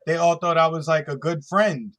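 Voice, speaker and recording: A man with a slightly high voice chats casually as a talk-show co-host. He tells stories in a relaxed way and breaks into laughter often. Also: moderate pace. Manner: laid-back storyteller, laughs often. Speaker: podcast co-host. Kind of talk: casual chat.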